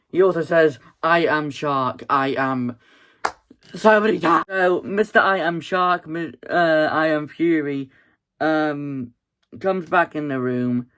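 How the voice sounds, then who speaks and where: A man's voice: fairly high pitch, a bit bright. A man casually recapping a film plot in a rambling, chatty way, full of fillers and laughs. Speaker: movie reviewer.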